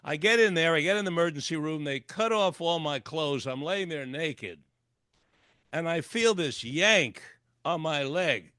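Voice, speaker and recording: A man's voice: a little high, moderate pace, pushed and bright, clean tone, no echo, clean studio sound. An older man, a psychologist and author, telling a personal story in a radio interview and acting out the dialogue vividly. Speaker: guest, clinical psychologist and author.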